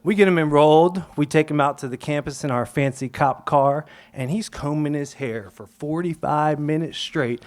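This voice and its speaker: A man's voice: fairly high pitch, moderate pace, few pauses. A young adult man telling a personal story on stage, acting out the voices and dropping to whispers at times. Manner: animated, acts out quotes, drops to whispers.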